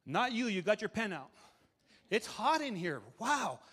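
A male pastor preaching a sermon to a live congregation, emphatic and animated, often repeating words as he builds a point. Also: high voice, a little slow, husky. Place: church hall with audience. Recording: long reverb of a large hall.

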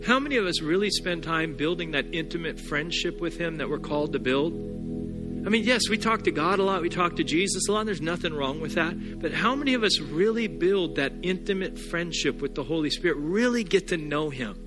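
A man in his thirties, a pastor preaching a sermon, playful and animated in his stories and then hushed and earnest. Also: a little high, brisk, music in the background.

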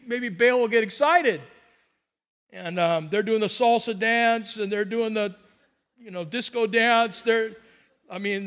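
A man's voice: very high-pitched, big-room sound. A man preaching a sermon as pastor, telling the story with jokes and acted-out quotes. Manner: animated storytelling, jokey asides and acted-out quotes.

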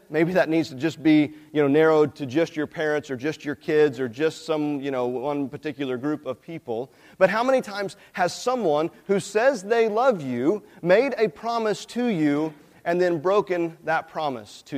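A man's voice: fairly high pitch, a little mellow. A male pastor giving a sermon in a church, talking conversationally and putting questions to the congregation. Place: church sanctuary. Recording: long reverb in a large hall.

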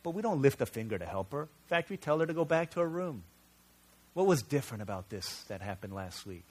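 A man's voice: medium pitch, sing-song, fairly quick, a little mellow, breathy edge. A man preaching a sermon as a pastor, telling stories in an earnest, conversational way.

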